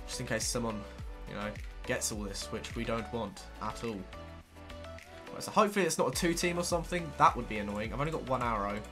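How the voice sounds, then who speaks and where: A young man, ill with a cold, quietly muttering commentary to himself as he plays a video game. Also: mid-range voice, lively intonation, a little fast, over music. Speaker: gaming video host. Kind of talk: casual gameplay commentary.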